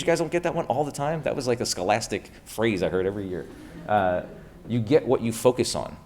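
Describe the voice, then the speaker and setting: A man's voice: mid-range voice, a little fast, darkish tone. A man from Pennsylvania giving a casual, upbeat conference keynote to a live audience in a room, throwing rhetorical questions at the crowd. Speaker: keynote speaker.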